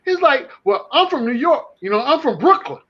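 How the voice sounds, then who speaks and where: A man co-hosting a casual sports chat, animated and rambling, with many restarts. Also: very high-pitched, moderate pace, muffled recording. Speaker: podcast co-host. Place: home.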